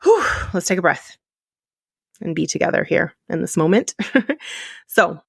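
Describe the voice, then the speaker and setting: A woman's voice: fairly low pitch, very animated, a little slow, vocal fry, slightly rough, dry recording, studio quality. A middle-aged woman hosting her own podcast, talking candidly and emotionally to her listeners, often repeating phrases for emphasis. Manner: repetitive and emphatic. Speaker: podcast host. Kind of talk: solo podcast coaching talk.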